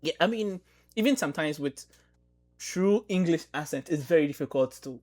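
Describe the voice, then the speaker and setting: A man hosts a podcast in casual conversation, supportive and agreeable, often backing his guest with short affirmations and plenty of mm-hmms. His fairly high voice is animated and darkish in tone, at a normal speed. Soft music plays in the background.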